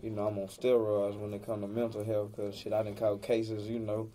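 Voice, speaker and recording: Low, dark-voiced male podcast guest. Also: fairly quick, slight background noise. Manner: flat, laid-back, fills with "you know". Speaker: guest rapper. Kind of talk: casual chat.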